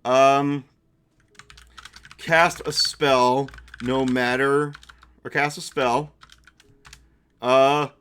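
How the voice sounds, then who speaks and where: A young man narrating a live-streamed tabletop game as game master, chatty with quick asides. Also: mid-range voice, steady tone, fairly bright tone, clean tone. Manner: chatty, quick asides, laughs at own jokes.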